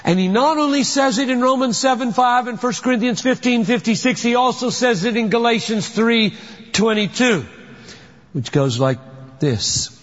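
A man's voice: very high-pitched, expressive, normal speed. A man preaching a sermon, emphatic, posing rhetorical questions and then answering them. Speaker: pastor. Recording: dull lo-fi recording with long hall reverb.

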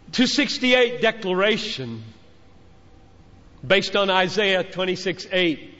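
This sermon to a conference gathering comes from a man whose high-pitched voice sounds pushed and bright. Speaking as a father, he delivers earnest exhortation that swells through emphatic repetition, captured in a muffled hall with lingering reverb.

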